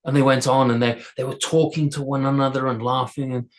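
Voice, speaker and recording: A male storyteller tells a folktale aloud in his own unscripted way. He restarts and repeats words as he goes, in a mid-pitched voice. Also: flat delivery, fairly quick.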